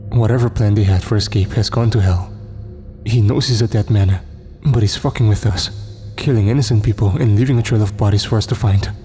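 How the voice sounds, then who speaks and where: A man narrating a first-person horror story in a measured, tense storytelling manner. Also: on the low side, steady tone, dark tone, soft background music.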